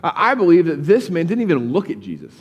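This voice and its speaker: A man's voice: a little high, wildly swooping pitch, fast talker, in a large hall, lo-fi sound. A male pastor giving a casual, conversational sermon in a church, often repeating words as he starts sentences. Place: church sanctuary.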